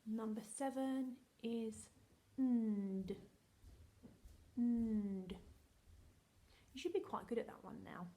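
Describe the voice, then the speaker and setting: A woman's voice: on the high side, normal speed, few pauses, mellow. A woman teaching a recorded phonics lesson to young children, in a sing-song, encouraging way, drawing out each letter sound. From England. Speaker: primary school teacher.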